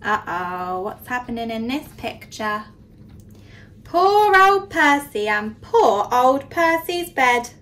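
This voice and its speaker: Expressive high-voiced woman teacher. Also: slow pace, far from the mic, poor audio. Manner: expressive, questioning the children. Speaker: nursery teacher. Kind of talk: storybook read-aloud for young children.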